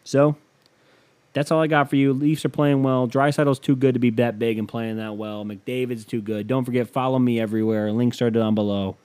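A man with a medium-pitched, slightly mellow voice speaks at a moderate pace with flat delivery. He hosts a casual solo podcast, reading betting odds aloud in an offhand, profane way.

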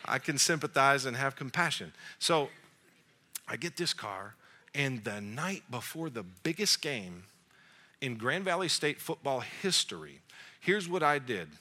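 A man's voice: mid-range voice, measured pace. A man in his forties preaching to young adults, telling a story with jokes and acting out the dialogue. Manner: animated, jokey storyteller, acts out dialogue. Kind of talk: storytelling sermon.

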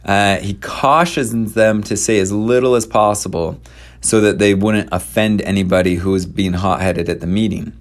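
A man with a somewhat low voice retells a dramatic historical episode in a loose, conversational way. He leans on slang and fillers and acts out the quoted dialogue with energy. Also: fairly even intonation, normal speed. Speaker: storyteller presenting church history. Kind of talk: casual storytelling talk.

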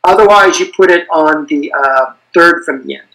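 A man's voice: fairly high pitch, normal speed, creaky, sharp tone, low-quality recording. A man patiently explaining language details in a podcast conversation, with frequent "uh" fillers. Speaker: guest expert on invented languages.

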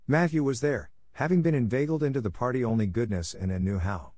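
A man narrating a classic storybook in a measured, steady reading. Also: medium pitch, dry recording, clean studio sound. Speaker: audiobook narrator.

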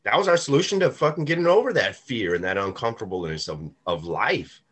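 Husky man, animated emphatic talker. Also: lowish voice, fairly quick. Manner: emphatic, swears casually. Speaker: podcast co-host. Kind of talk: casual recovery-group chat.

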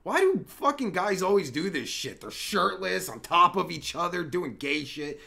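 A man hosting a livestream, trolling strangers on video chat in a crude, mocking way with loud bursts of laughter. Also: sits high, very animated, normal speed, creaky, hardly any pauses. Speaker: livestream host.

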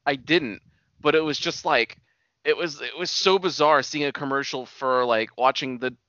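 A man bantering loosely on a podcast, his voice bright and forward. The recording is dry and close, with a dull lo-fi tone. He chats at an easy, unhurried clip. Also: mid-range voice, dry recording. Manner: laid-back banter, swears. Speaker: podcast co-host. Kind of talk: casual chat.

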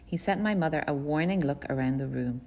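A woman reading a first-person novel aloud in a plain, measured storytelling voice. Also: low voice, warm tone. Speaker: audiobook reader.

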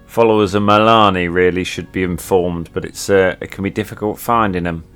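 Man, very low voice, gruff and folksy, in-character role-play, faint music. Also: steady tone, brisk, a bit bright. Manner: blunt, gruff, folksy speech. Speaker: player.

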